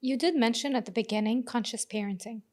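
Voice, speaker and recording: Higher-voiced woman podcast host from the Arab world. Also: fast talker. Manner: curious, asks short direct questions. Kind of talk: interview questions in casual chat.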